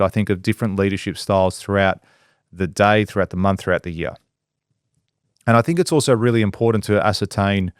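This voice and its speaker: Business-owner type, blunt and profane, lowish voice, dry studio sound. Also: male voice, clean tone, dry recording. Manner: blunt, swears freely, acts out quotes. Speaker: podcast guest, business owner. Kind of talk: casual podcast conversation.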